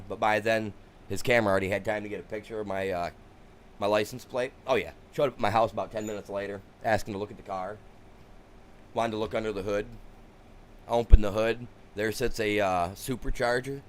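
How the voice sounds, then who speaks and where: A man's voice: on the low side, slight background noise. A man, streaming a farming game and telling rambling stories from his youth, full of restarts and "you know". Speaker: gaming streamer. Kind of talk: casual storytelling while streaming.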